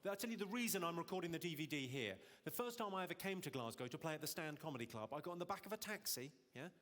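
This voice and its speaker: A man doing live stand-up comedy on stage, teasing the audience with quick deadpan insults. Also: fairly high pitch. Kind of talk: live stand-up with crowd work. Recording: loud audience laughter and noise.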